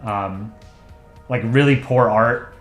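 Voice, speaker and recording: A man's voice: medium pitch, takes it slowly, roomy sound, faint music behind. Laid-back man chatting on a livestream. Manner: relaxed, chatty, thinks aloud. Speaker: streamer and comic artist. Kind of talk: casual livestream chat.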